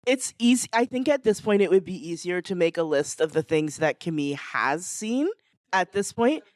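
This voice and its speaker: Woman, podcast co-host, bubbly and teasing, lowish voice, very lively pitch, dry sound. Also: normal speed, dry recording. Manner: bubbly, teasing, laughs often. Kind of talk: live panel chat.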